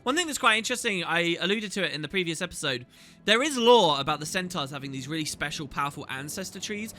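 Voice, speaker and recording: Male gaming host, bright and fairly high voice, chatty, enthusiastic commentary, faint game music behind. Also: lively intonation, quick pace. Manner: chatty, enthusiastic, reads dialogue aloud. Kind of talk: casual gameplay commentary.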